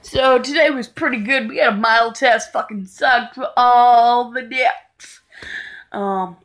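A woman vlogging in a casual monologue, talking low and deadpan with crude remarks. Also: takes it slowly, poor audio.

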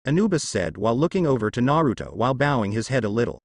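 A man reads a fan fiction story aloud, with a lively, rising and falling pitch. He voices each character's lines without changing his own voice. The recording is close and dry, with no room sound. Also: quick pace, no echo. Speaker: narrator. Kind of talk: fanfiction story narration.

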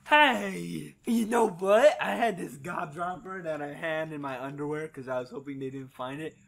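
A man co-hosts a let's play and cracks crude jokes with a straight face. His voice sits a little higher than most men's. He keeps a goofy, offhand tone. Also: normal speed, vocal fry. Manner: crude deadpan joking. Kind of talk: goofy gaming banter.

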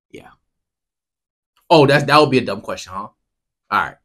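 A man in the middle of a heated basketball rant, talking straight at his viewers as a vlogger. His voice sits at an ordinary middle pitch, dropping to low mutters and then jumping up in loud outbursts. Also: expressive, normal speed. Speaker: sports commentary vlogger. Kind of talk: casual basketball commentary rant.

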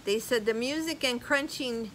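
An older woman vlogger chatting casually as she reads viewer comments aloud, animated and laughing often. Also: a little high, normal speed, a little hiss or hum, rough recording. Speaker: YouTube vlogger. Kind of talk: casual chat reading comments.

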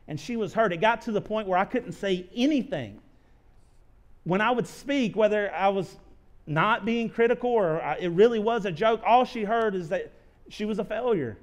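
A pastor preaches to his church in a fairly high voice for a man. He talks earnestly and confessionally, in a sermon style. He often stumbles and restarts, repeating words as he goes. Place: church sanctuary.

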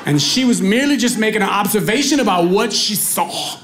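A man doing stand-up comedy on stage, telling stories in a conversational, animated way. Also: sits high, brisk, very noisy. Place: comedy stage before a live audience.

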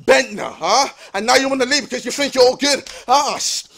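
A young man with a strikingly high voice rants through gaming commentary. He sounds exasperated, hammering the same lines over and over with casual slang. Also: brisk, vocal fry, a bit bright. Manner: exasperated, repetitive ranting with slang. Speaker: gaming YouTuber.

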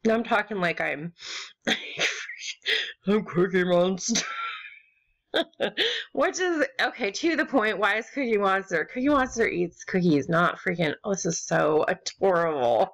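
A young American woman rambling and gushing as she opens gifts in an online game, with sudden squeals and low mutters. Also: expressive, unhurried, long pauses, fairly bright tone. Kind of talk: casual gaming commentary.

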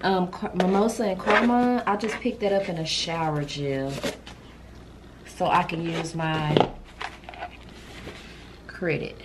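A woman's voice: on the low side, steady tone, measured pace, long pauses, heavy background noise. A woman, chatting casually and gushing to viewers as she unboxes gifts for her vlog, filmed on a handheld camera. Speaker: vlogger.

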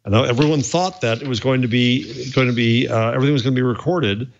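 A man's voice: mid-range voice, quick pace, vocal fry, dull audio, slight background noise. A man co-hosting a casual tech talk show, thoughtful and a little hesitant as he recalls things. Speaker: podcast co-host. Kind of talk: casual chat.

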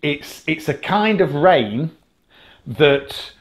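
A man from Britain with a slightly high voice tells stories as a podcast co-host. He laughs often and restarts his sentences as he goes along. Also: very slow. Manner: animated storyteller, laughs often, many restarts. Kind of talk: casual chat.

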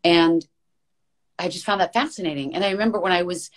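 Woman, low voice, voice actress guest, chatty, earnest, casual interview. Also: fairly quick.

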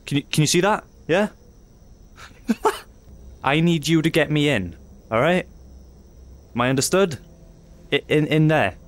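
A man's voice: a little high, expressive, measured pace, long pauses. A man commentating his own play of a game, nervous and profane, yelping and muttering to himself. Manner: jittery, swearing, yelps in panic. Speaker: gaming YouTuber. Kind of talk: live let's-play commentary.

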